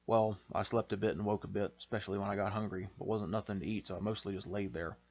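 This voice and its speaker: A man's voice: lowish voice, little pitch movement, fast, a little mellow, husky, dull audio. A man voicing a shy, sickly rural infantry veteran, with a folksy, hesitant drawl. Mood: plain.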